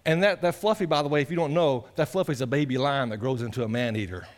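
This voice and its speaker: A male pastor preaching an animated, impassioned sermon. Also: medium pitch, quick pace. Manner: animated, impassioned, acts out voices of others.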